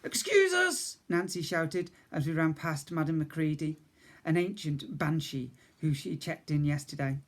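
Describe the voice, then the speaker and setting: Teacher reading a story to children. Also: male voice, on the high side, level tone, moderate pace, darkish tone. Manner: stops to ask the children questions and explain words.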